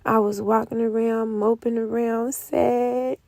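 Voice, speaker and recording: A young woman giving an emotional spoken testimony, moving between hushed whispers and loud outcries. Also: a little high, level tone, vocal fry, dry recording. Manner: speaks slowly with heavy pauses. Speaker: prophetic speaker. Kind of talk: testimony sermon.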